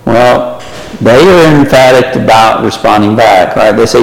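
A man with a mid-range voice leads a Bible study lesson at a measured pace, his voice distant in an echoey hall. He talks conversationally, quizzes the class, and frequently says "right?" to check in with them.

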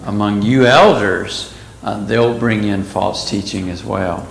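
A man's voice: on the low side, vocal fry. A man leading a casual Bible class, reading verses aloud and stopping to explain them. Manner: talks slowly, reads verses aloud and stops to explain them. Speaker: Bible study teacher. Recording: echoey room, faint background noise.

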